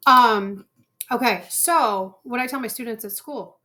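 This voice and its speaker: A woman's voice: fairly high pitch, a little slow, pushed and bright. A schoolteacher hosting a home cooking video, chatting playfully and teasing her daughter while tasting the food. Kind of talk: casual chat. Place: home kitchen.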